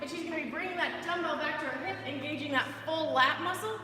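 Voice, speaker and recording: A woman's voice: high voice, quick pace, bright, forceful tone, in a large hall. A woman fitness coach giving upbeat, chatty movement cues during a live workout.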